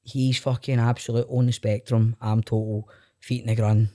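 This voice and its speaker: A middle-aged man with a Glaswegian Scottish accent, chatting as a podcast guest. He tells animated stories, laughs often and swears freely. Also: medium pitch, moderate pace. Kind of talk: casual chat.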